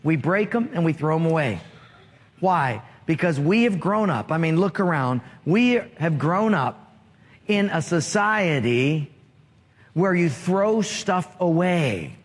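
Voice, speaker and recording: A man's voice: fairly high pitch, expressive, takes it slowly. A man preaching a sermon as pastor, telling stories and asking the congregation questions. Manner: storytelling, asks the congregation questions. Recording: long reverb of a large hall.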